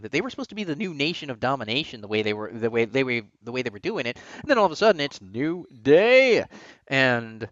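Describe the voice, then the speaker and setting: A man's voice: medium pitch, a bit bright, no room sound. Opinionated man with a dull, lo-fi sound. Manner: opinionated, rambling with restarts. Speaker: podcast co-host. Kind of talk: casual wrestling chat.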